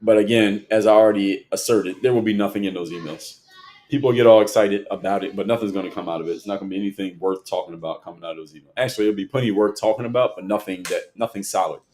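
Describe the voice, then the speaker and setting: A man's voice: fairly low pitch, fast talker, a little mellow. A man hosting a livestream, reading chat comments aloud and arguing back at them in a lecturing way. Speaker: livestream host.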